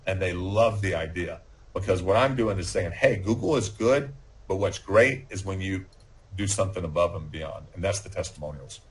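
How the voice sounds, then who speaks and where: A man with a fairly low voice speaks as a podcast guest. He talks with confidence, laying out points in a steady pitch while often restarting words mid-sentence. The tone is casual and conversational.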